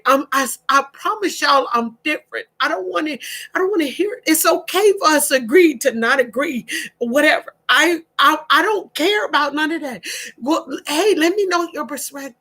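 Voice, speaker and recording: Lady talking to her viewers, high voice, heartfelt, keeps restarting, repeats herself. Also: rough recording. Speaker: vlogger. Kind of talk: emotional live-stream talk to viewers.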